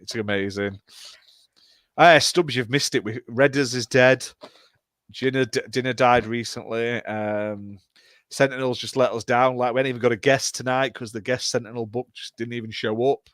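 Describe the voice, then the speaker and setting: British man, podcast host, brash banter, mid pitch, dry close mic. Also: steady tone, normal speed, a bit bright, dry recording. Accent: British English. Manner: brash banter, swears freely. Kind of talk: casual podcast chat.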